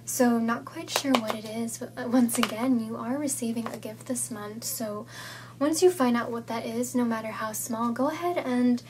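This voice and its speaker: A woman's voice: fairly high pitch, moderate pace, noisy background. A woman giving a casual tarot reading, thinking aloud in a chatty, goofy manner. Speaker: tarot reader.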